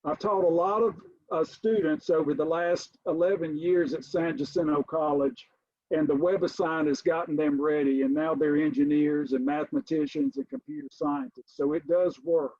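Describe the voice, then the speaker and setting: A middle-aged man, a college math instructor, giving a recorded lecture, stressing key points emphatically and addressing the class as ladies and gentlemen. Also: on the high side, lively intonation, normal speed, creaky, dry recording, lo-fi sound.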